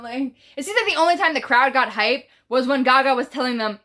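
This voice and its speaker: A woman with a New York accent telling a casual storytime vlog, animated, profane and full of slang. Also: sits high, a little fast. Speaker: vlogger.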